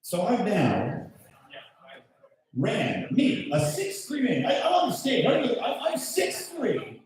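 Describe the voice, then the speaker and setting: A man in his thirties does loud, brash stand-up comedy and keeps working the crowd. His voice swings up and down, and he sits a little high for a man. The live mic sounds far off and the room booms with echo. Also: wildly swooping pitch, slow. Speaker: stand-up comedian hosting the show. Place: comedy show in a golf club venue. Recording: echoey room, mic heard from afar.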